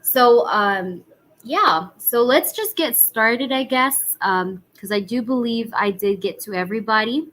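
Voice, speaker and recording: A woman with a husky voice giving casual tarot readings on a live stream, chatting with viewers and using many fillers. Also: on the high side, expressive, measured pace, fairly bright tone, a little hiss or hum, low-quality recording. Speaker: tarot reader.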